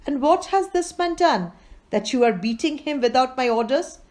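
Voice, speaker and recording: A woman's voice: high voice, animated, moderate pace, darkish tone. A woman reading a pompous village justice. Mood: stern. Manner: stern, self-important. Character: pompous self-pitying male village justice. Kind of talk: storybook reading.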